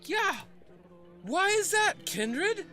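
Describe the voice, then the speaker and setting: A man's voice: extremely high pitch, sing-song, extremely slow, bright, forceful tone, soft background music, voice pushed up, heavily acted. A man voicing a furious middle-aged innkeeper's wife who screeches and scolds. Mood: mocking.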